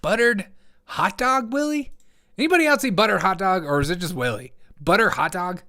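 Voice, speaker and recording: A man's voice: sits high, expressive, pushed and bright. Jokey sarcastic male show host. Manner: jokey, sarcastic, quick asides. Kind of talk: casual comedic commentary reading chat.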